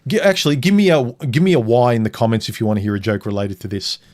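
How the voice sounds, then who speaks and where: A man's voice: mid-range voice, big pitch swings, fast talker, darkish tone, dry recording. A man hosting a live stream, chatting casually and bluntly with his viewers, cracking jokes and giving frank dating advice. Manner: blunt, joking, talks straight to the chat.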